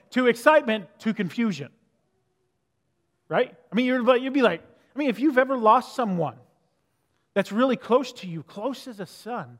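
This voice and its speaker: A man preaches in a church with a high, light voice, and his words ring out in a long hall echo. He keeps the sermon conversational and checks in with the listeners with quick questions. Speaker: pastor. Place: church sanctuary.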